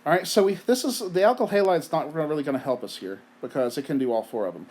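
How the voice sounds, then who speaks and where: A man's voice: a little high, lively intonation, fast, darkish tone. Chatty man teaching chemistry. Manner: conversational, asks rhetorical questions, frequent "right?". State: has the hiccups. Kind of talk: recorded lecture.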